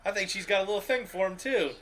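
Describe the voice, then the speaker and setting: A man co-hosting a reaction video who makes quick, relaxed comments and sometimes shouts. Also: high voice.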